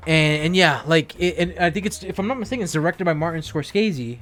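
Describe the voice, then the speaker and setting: A man's voice: a little high, a little fast, a bit bright, faint music behind. A young man co-hosting a casual podcast chat, swearing freely and laughing often. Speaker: podcast co-host.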